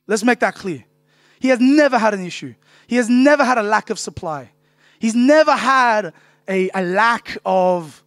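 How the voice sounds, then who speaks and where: A man's voice: sits high, dry recording, studio quality. A man, preaching a casual, joking sermon full of "right?" tags. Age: 30s. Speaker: pastor.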